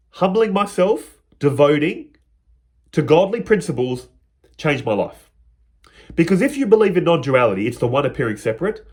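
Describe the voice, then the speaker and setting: A man's voice: on the high side, breathy edge. A man teaching on spirituality in a reflective, spoken style, retelling a parable and slipping into the characters' quoted lines.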